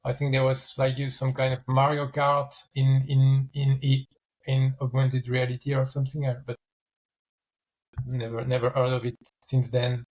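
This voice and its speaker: A man's voice: medium pitch, completely flat delivery, normal speed, a little mellow. Man, co-host, casual chat, hesitant, repeats words, slightly muffled sound.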